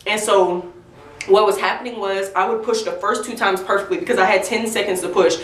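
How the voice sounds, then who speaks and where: A woman's voice: mid-range voice, steady tone, a little fast, a bit bright. Chatty young woman, roomy and distant. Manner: candid, chatty, talks straight to viewers. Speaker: vlogger. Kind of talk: storytime vlog. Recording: roomy echo, mic at a distance.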